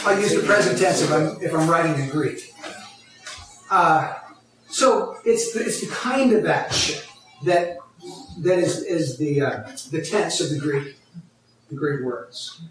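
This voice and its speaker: A man's voice: fairly high pitch, measured pace, fairly bright tone, faint music behind. A man preaching a teaching sermon, explaining a Bible passage step by step and asking his congregation questions. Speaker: pastor. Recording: echoey hall, mic far off.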